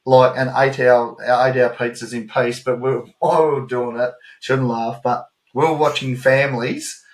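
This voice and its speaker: Australian male podcast co-host with a mid-range voice, animated casual storyteller, recorded in an echoey room. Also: medium pitch, moderate pace. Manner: animated storytelling, swears freely. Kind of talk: casual chat. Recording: roomy echo.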